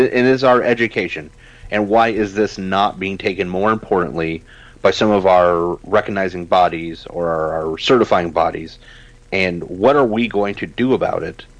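A man co-hosts a casual podcast, his low voice carrying emphatic, animated rants. The sound is dry and close, with no room around it. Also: dry recording, rough recording. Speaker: podcast co-host.

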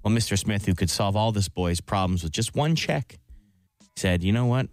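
A man's voice: lowish voice, expressive, normal speed, dry recording, studio quality. A young man co-hosting a radio show, telling a long joke in a playful, laughing way. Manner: playful, laughs often, voices characters in his joke.

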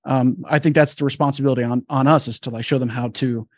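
A man in his thirties, a podcast guest, thinking through a point in a measured way. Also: medium pitch, steady tone, dry recording, clean studio sound. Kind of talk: casual panel chat.

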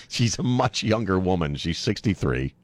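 A sarcastic man hosting talk radio, his pitch bouncing all over as he mocks and rants. The sound is dry and close, with no room around it. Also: unhurried, dry recording. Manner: sarcastic, mocking, animated. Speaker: radio talk show host.

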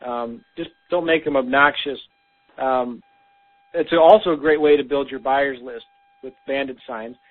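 A man's voice: medium pitch, steady tone, measured pace. A man co-hosting a casual business talk, giving practical advice with frequent "um" fillers, heard over a phone line. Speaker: podcast co-host.

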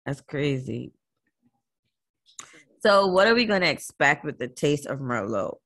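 A host reads wine history from a script in a steady, mid-pitched voice. Now and then they break into loose, slangy asides, then go back to reading. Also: unhurried. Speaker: podcast host.

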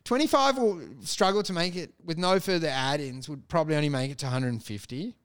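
A man's voice: fairly high pitch, brisk, a bit bright, clean tone. A man with an Australian accent in a rambling, comedic casual chat as podcast co-host.

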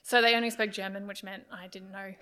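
A woman's voice: mid-range voice, little pitch movement, quick pace, bright, forceful tone, clear, resonant tone. A woman, chatting enthusiastically as a podcast guest and telling a story with many fillers. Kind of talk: casual chat.

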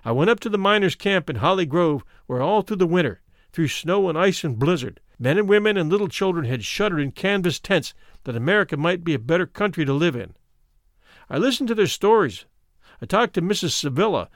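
A man giving a measured, somber first-person reading of a memoir. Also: fairly high pitch, dry recording, studio quality. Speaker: narrator.

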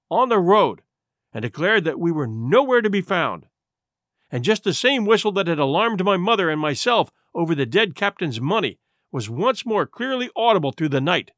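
Male audiobook narrator, high lively voice, dramatic reading, dry close sound. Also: dry recording. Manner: dramatic, expressive storytelling.

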